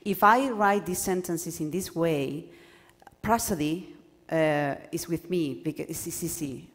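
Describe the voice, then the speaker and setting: A woman whose first language is Spanish gives a lively workshop lecture to doctoral students, acting out examples and often restarting her sentences. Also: low-pitched, a little slow. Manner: animated, acts out examples, stumbles and restarts. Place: lecture hall. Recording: lecture hall with long reverb.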